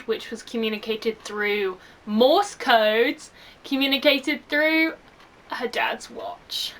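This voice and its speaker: A young woman talking casually and animatedly, full of fillers, as she reviews a film for her channel. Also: high voice. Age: young adult. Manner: gushing and animated.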